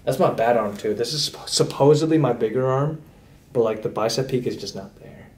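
A man's voice: medium pitch, fairly quick, a little mellow. A young man vlogging with friends, joking around in slang and showing off his muscles, filmed by a friend's camera. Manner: laid-back, slangy, flexing and joking about his muscles. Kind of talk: casual vlog chat with friends. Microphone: camera held by a friend. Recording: echoey and distant from the camera, with some background noise.

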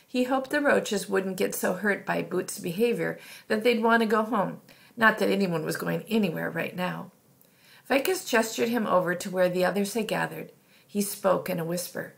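A woman's voice: medium pitch, moderate pace, creaky. A woman narrating a children's novel aloud in a plain reading voice. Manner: plain reading with occasional slips and restarts. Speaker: audiobook reader. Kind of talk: storybook narration.

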